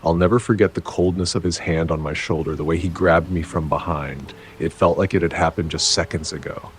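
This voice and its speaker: A man reads a first-person scary story in a very deep, low voice. He takes it slowly and dramatically, breaking lines into short, halting phrases. A faint hiss sits under the recording. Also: fairly even intonation. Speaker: narrator.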